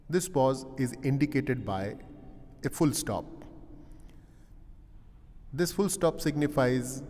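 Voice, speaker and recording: Male lecturer, unhurried and halting, recorded in a reverberant hall. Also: mid-range voice, darkish tone. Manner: slow and deliberate, frequent "uh" pauses, rephrases points. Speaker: English literature professor.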